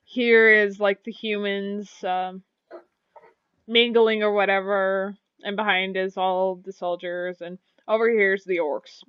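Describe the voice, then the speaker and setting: A woman's voice: mid-range voice, fairly even intonation, slow, smooth, no room sound, dull audio. A woman running a tabletop game as game master, narrating casually with lots of fillers.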